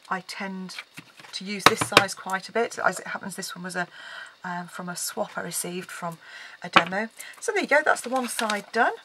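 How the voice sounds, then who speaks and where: A woman explaining a card-making project in a casual tutorial, chatting as she works with frequent ums. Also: medium pitch. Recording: loud background noise.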